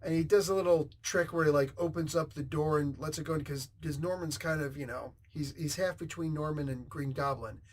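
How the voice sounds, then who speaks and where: A man hosts a comic book review, retelling the plot casually. He rambles with excitement, throws in sound effects and wanders into tangents. His voice sits a little higher than most men's. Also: brisk, hardly any pauses, slight background noise.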